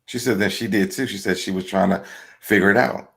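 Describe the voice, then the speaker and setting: A man hosting a casual TV recap chat, who talks his ideas through out loud, repeating himself and adding "like" often. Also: low-pitched, fairly even intonation, a little fast, creaky. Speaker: host.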